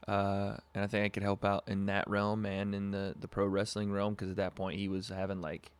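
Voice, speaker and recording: Low, flat-voiced laid-back young man. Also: normal speed, clean tone. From Southern California. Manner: laid-back, rambling with frequent fillers and laughs. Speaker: podcast host. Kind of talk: casual livestream storytelling. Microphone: webcam.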